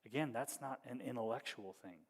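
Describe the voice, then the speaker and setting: A man preaching a sermon as pastor, talking in a conversational, wry way that moves between hushed storytelling and animated bursts. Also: medium pitch, fairly quick, vocal fry, long reverb tail. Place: church hall.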